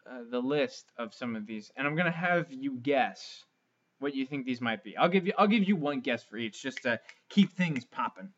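A man's voice: mid-range voice, animated, normal speed, a bit bright, dull audio. A young man co-hosting a podcast, rambling through crude camp stories in casual comedic chat. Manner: crude, rambling storyteller with filler words. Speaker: podcast co-host.

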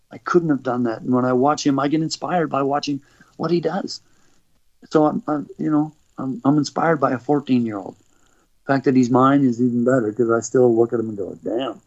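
Middle-aged canadian guy rambling thru stories, restarts a lot, kinda muffled recording. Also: mid-range voice. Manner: rambling, animated anecdotes with frequent restarts and laughs. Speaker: guest, motivational speaker and former athlete. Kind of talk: conversational storytelling. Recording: dull lo-fi recording.

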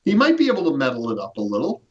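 A man's voice: medium pitch, huge pitch swings, racing. A male host chatting casually and asking a guest open questions. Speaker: podcast host. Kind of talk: casual interview chat. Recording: dull lo-fi sound.

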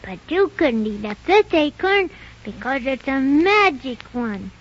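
Earnest boy hero woman voicing him, high lively voice, slow careful delivery, muffled old radio play. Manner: scolding, earnest, bright child-like delivery. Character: polite, earnest young boy. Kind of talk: 1930s radio drama acting.

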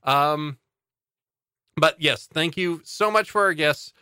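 A male podcast host with a bright, crisp voice and a slightly high pitch. He talks casually and playfully, filling gaps with ums and uhs. The sound is dry and close. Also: slow pace, no echo. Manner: playful, rambling, with frequent fillers. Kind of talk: casual chat.

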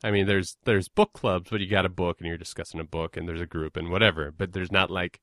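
A man with a fairly low voice muses through a casual chat, halting and restarting his words as he goes. The sound is dry, with no room around it, and he talks in an easy back-and-forth. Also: steady tone, a bit bright, dry recording.

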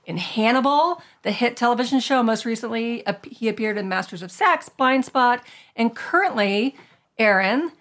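A woman hosting a podcast, chatting casually with a guest, laughing easily and jumping between quick asides. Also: a little high, a bit bright. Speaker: podcast host.

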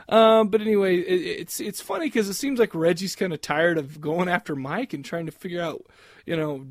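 A man chatting casually on a podcast, rambling and laughing at his own crude jokes. His voice sits a little high. The mic is close and the sound is dry. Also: a little mellow, dry recording. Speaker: podcast co-host. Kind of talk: casual chat.

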